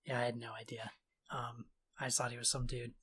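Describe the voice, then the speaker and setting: A podcast co-host casually recaps a video game's story in a sarcastic, offhand way, tossing in quick mock quotes. His mid-range voice is flat and fairly bright, with a little hiss or hum on the recording.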